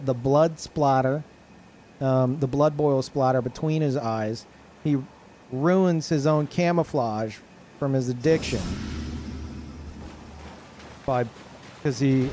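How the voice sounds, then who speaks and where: Young male streamer, rambling casual chat, medium pitch, faint hiss behind. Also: dark tone. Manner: rambling, lots of fillers and restarts.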